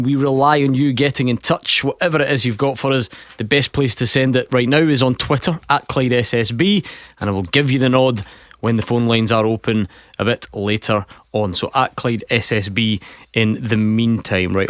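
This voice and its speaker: Scottish male radio host, studio, quick and chatty. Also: mid-range voice, no room sound. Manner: brisk, chatty, laughs often. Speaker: radio sports show host. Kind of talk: casual radio sports chat.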